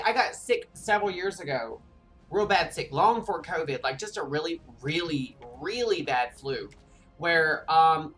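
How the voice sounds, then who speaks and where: A man's voice: on the high side, bright, forceful tone. Rambling man chatting on a game stream. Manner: rambling storyteller, many fillers and restarts. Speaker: livestreamer. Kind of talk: casual chat while playing a game.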